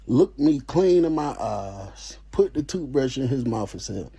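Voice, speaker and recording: A man telling a story in a casual, animated way, full of slang and swearing. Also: mid-range voice, a little slow, breathy edge.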